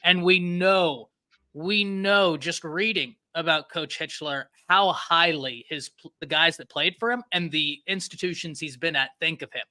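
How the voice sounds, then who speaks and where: A man with a mix of Texan and New York accent, talking football in an animated, emphatic way. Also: a little high, a little slow. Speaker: co-host, football analyst. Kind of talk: casual sports talk.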